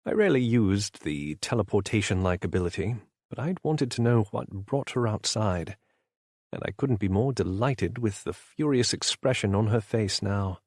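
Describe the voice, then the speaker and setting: A man reading a romance audiobook in the first person with a smooth, self-assured delivery on a close studio mic. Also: on the low side, normal speed, a little mellow, dry recording. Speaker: audiobook narrator.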